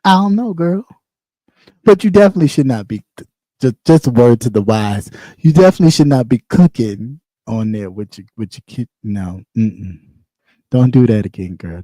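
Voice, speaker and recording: Profane, laughing livestream host. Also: male voice, medium pitch, normal speed, no room sound. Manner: loose, profane and animated, with frequent laughs and repeats. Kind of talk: casual commentary livestream.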